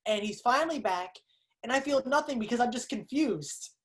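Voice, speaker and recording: A woman guest on a podcast, talking a movie over in lively, analytical casual chat and acting out her reactions. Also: a little high, normal speed. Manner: animated, analytical, acts out reactions.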